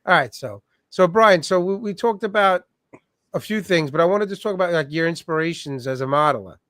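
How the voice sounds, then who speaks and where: A man's voice: fairly high pitch, animated, brisk, a bit bright, no echo, clean studio sound. A man hosting a casual livestream chat, teasing his guests and rambling with many restarts. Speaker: podcast host.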